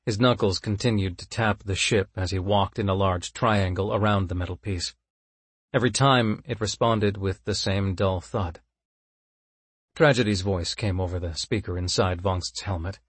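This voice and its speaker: Husky low-voiced male story narrator. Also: steady tone, normal speed, dry recording.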